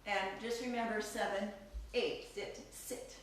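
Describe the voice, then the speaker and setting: A woman's voice: mid-range voice, steady tone, unhurried, a little hiss or hum. A woman teaching a live online belly dance class, counting beats aloud and laughing often between steps. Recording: echoey room, distant from mic.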